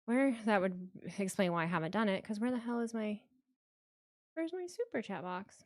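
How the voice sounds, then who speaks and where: A woman's voice: medium pitch, animated, normal speed, no room sound. Woman streamer chatting to her viewers, lots of sorry and restarts, curses here and there, dry close mic. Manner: apologetic, trips over her words, swears casually. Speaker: streamer hosting a wrestling watch party. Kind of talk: casual live-stream chat, reading super chats.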